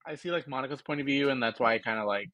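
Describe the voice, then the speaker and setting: A man's voice: mid-range voice, rapid-fire, bright, forceful tone, highs cut off. A man co-hosting a podcast, casually recapping episode scenes and laughing as he quotes the characters. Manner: retells scenes with quoted lines, laughs often. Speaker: podcast co-host.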